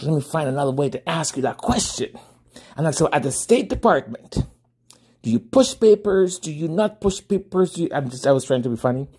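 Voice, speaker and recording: A man's slightly high, husky voice tells a story on his own podcast. The monologue is casual and animated, full of laughter, and he plays both parties in the dialogue he recounts.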